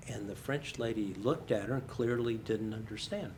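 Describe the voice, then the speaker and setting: A man's voice: medium pitch, moderate pace, a bit bright, slight background noise. An older American man speaking as guest in a career conversation, telling stories with self-deprecating humor. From United States.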